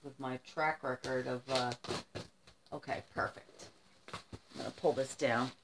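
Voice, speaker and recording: A woman's voice: a bass voice, fairly even intonation, normal speed, noisy background. Gushing middle-aged woman vlogger. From United States. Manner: emotional, gushing, rambling. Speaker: vlogger opening gifts. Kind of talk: casual chat to camera.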